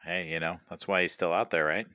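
A man's voice: low voice, steady tone, fairly quick, sharp tone, dry recording, studio quality. A man co-hosting a casual movie podcast, upbeat and joking in easy banter. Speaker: podcast co-host.

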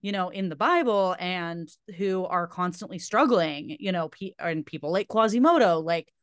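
A woman's voice: fairly low pitch, normal speed, clean tone, dry recording. A woman co-hosting a podcast, talking in a rambling, emphatic way with many fillers. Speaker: podcast co-host. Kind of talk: casual chat.

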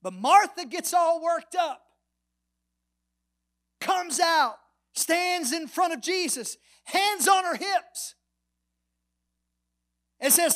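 Slow-speaking pastor man preaching. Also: extremely high pitch, lively intonation. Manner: drops to a near whisper at the ends of phrases for emphasis; storytelling, swings between loud and soft. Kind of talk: sermon.

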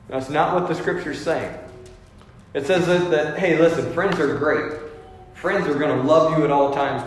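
A man's voice: a little high, slight background noise. A male pastor giving an emphatic, conversational sermon and acting out everyday voices as he makes his points. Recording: very echoey hall with long reverb.

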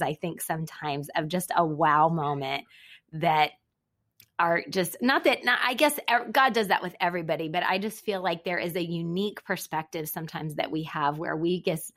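A woman's voice: fairly low pitch, a bit bright. Reflective woman hosting a conversation. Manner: reflective, halting, then teasing. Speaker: host. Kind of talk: conversational interviewing.

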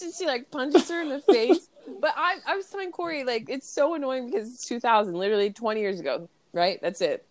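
A woman's voice: high-pitched, lively intonation, a little fast, dry recording. A young woman co-hosting a podcast, laughing a lot and swearing as she retells movie scenes in casual chat. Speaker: podcast co-host.

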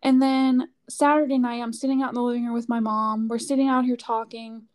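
A woman's voice: fairly high pitch, level tone, fairly quick, darkish tone. A woman chatting casually, telling a story with lots of "like" fillers. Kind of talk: casual chat.

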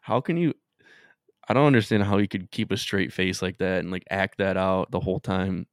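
A man's voice: low voice, moderate pace, no echo, clean studio sound. A man co-hosting a podcast, chatting casually and laughing often as he tells stories. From Michigan, USA. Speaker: podcast co-host. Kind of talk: casual chat.

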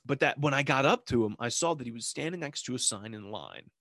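Male podcast co-host, loose rambling storyteller, average pitch, dry close sound. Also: animated, fairly quick, a bit bright, dry recording. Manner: rambling storyteller, acts out quotes. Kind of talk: casual chat.

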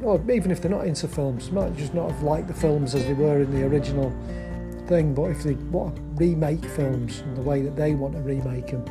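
A man with an ordinary mid-range voice signs off a podcast, rambling and losing track of his sentences. A guitar music bed plays clearly under him. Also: medium pitch. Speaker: podcast co-host. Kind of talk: podcast sign-off.

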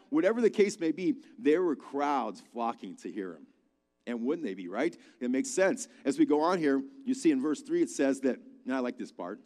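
A man's voice: medium pitch, moderate pace. Male pastor, chatty storytelling sermon, recorded in a big reverberant hall. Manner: conversational, animated storytelling with asides. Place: large church hall.

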